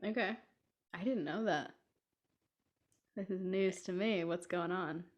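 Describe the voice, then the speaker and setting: A woman's voice: on the low side, takes it slowly, muffled recording. A young woman co-hosting a podcast from home, chatting casually and laughing often as she tells stories. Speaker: podcast co-host. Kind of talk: casual chat. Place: home room with a cat.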